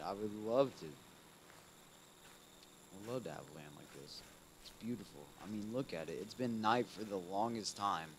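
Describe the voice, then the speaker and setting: A man hosting a gaming video, commenting casually as he plays, calling out "dude" often and swinging between muttering and loud frustrated outbursts. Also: low voice, background noise. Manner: casual, keeps saying "dude". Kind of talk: let's play commentary.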